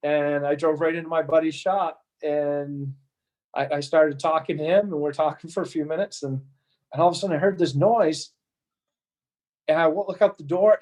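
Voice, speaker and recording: A man's voice: a little high, darkish tone. A man being interviewed, telling a story casually with frequent restarts and repeated words. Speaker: interview guest.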